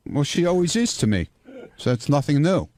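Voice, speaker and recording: Blunt, profane man, slightly high. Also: very animated, moderate pace, a little mellow, dry recording. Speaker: show regular. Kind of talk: radio studio chat.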